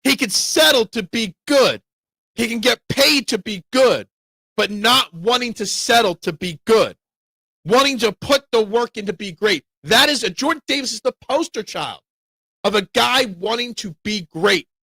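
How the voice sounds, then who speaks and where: A man hosting a live sports talk show, giving opinionated, excitable fan takes and answering chat. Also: sits high, moderate pace, gravelly, breathy edge, no room sound.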